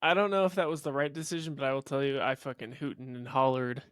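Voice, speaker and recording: A man co-hosting a podcast in casual chat, excitable and swearing freely. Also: mid-range voice, quick pace, dry recording, studio quality. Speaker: podcast co-host.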